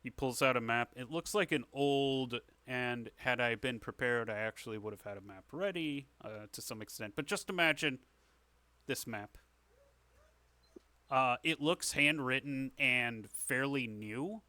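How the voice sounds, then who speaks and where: A man's voice: mid-range voice, unhurried, sharp tone, no room sound. A man narrating as game master in a tabletop game, describing scenes casually with many fillers. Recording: online session.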